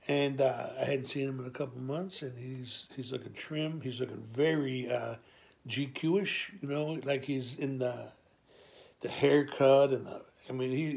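A man with a gravelly voice, telling an improvised comic story in a rambling, folksy way, full of halting restarts. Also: mid-range voice, darkish tone. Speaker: improv monologuist. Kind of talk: improvised comedic monologue.

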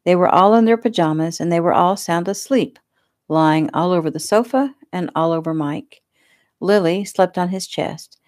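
A woman author reading her own novel aloud in a relaxed, homey way. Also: lowish voice, moderate pace, dry recording, studio quality. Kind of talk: casual audiobook narration.

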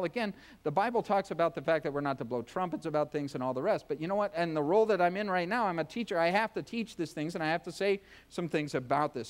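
High-voiced pastor preaching. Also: male voice. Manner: folksy, joking, acts out voices. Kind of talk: sermon. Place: church.

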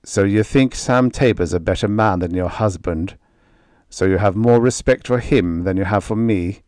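A man's voice: lowish voice, normal speed, darkish tone, no room sound, clean studio sound, lightly acted. A man voicing a defensive, stubborn rancher husband in an audiobook reading. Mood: angry.

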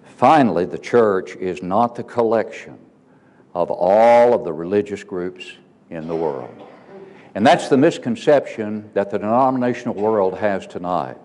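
A man's voice: lowish voice, lively intonation, a little slow, a little mellow, long reverb tail. A man preaching a sermon in a church auditorium, stressing words emphatically and asking rhetorical questions.

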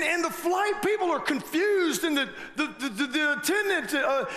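A man's voice: very high-pitched, moderate pace, hardly any pauses, some chatter behind. A man preaching a sermon, telling a story with lots of restarts and rising energy. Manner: animated storytelling with frequent restarts. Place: large church hall. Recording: long hall reverb, faint noise.

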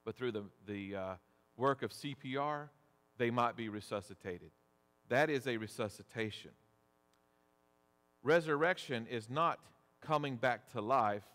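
A man preaching a sermon as pastor, deliberate and measured, asking rhetorical questions. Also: medium pitch, fairly bright tone. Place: church sanctuary. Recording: long church reverb.

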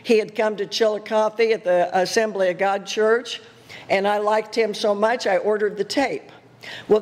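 Older woman, guest preacher, animated storyteller, in a reverberant church with light background noise. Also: medium pitch. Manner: animated, laughing, acting out her own thoughts. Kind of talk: sermon with personal storytelling. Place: church sanctuary. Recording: echoey church hall with faint noise.

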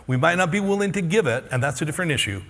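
Preaching at a very fast clip, a middle-aged pastor uses a bright, expressive voice on the high side. He shares a personal story and pleads earnestly with the congregation, his words echoing with the long reverb of a large hall.

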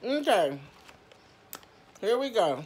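A woman's voice: on the high side, sing-song, slow pace, a little mellow, breathy edge. A woman reviewing snacks in a casual, candid vlog, chatting straight to her viewers with mild cursing. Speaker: food review vlogger.

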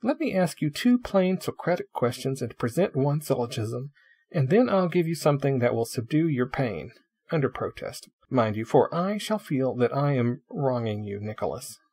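A man voicing a pompous, cheerful young male logician who talks in a lofty, wordy, mock-solemn way, with a husky voice. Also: mid-range voice, very animated, moderate pace, darkish tone.

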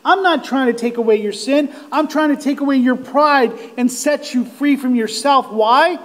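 A male pastor preaching a sermon, earnest and direct with his listeners, growing impassioned and nearly shouting at the peaks. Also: very high voice, normal speed. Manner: impassioned, rising to near-shouts on quoted cries.

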